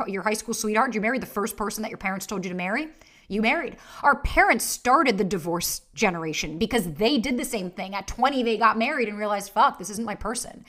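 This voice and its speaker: A young woman talks straight into her podcast mic, her voice bright and a little high. She is blunt and animated, dishing out tough-love dating advice and swearing freely. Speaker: podcast host and dating coach. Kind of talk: casual solo podcast monologue.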